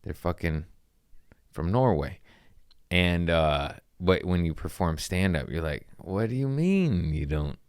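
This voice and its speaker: A man's voice: sits low, lively intonation, unhurried, a little mellow, clean tone, no room sound, studio quality. A young man and comedian telling rambling, profane stories on a casual podcast, saying bro a lot.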